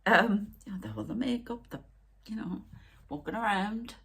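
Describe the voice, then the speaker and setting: At medium pitch and a moderate pace, a spiritual medium who runs her own channel talks casually on her vlog, her voice slightly rough, a bit bright, with vocal fry. She rambles emotionally, sounding upset, and often drops nearly to a whisper.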